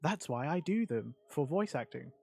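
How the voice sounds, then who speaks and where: A man's voice: a little high, expressive, normal speed, vocal fry, darkish tone, breathy edge. A male streamer chatting casually on a livestream, rambling and answering chat with lots of fillers.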